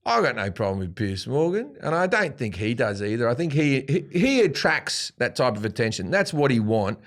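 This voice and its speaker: Australijski komik w średnim wieku, barwnie i wulgarnie opowiadający w rozmowie, z bardzo rozbieganą intonacją. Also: male voice, medium pitch, normal speed. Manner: profane, animated storytelling with acted-out quotes. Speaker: guest comedian. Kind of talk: storytelling in a casual interview. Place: studio.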